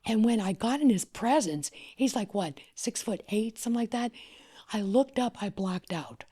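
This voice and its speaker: Guesting on a podcast, a Louisiana wedding planner in middle age recounts her story with lively flair. Her husky, breathy voice sits a little high at normal speed, sinking to whispers and then swelling with excitement.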